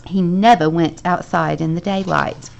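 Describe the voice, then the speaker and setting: A woman teacher reading a children's novel aloud to her class, expressive and lively, with the dialogue acted out. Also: fairly low pitch, measured pace, vocal fry, highs cut off.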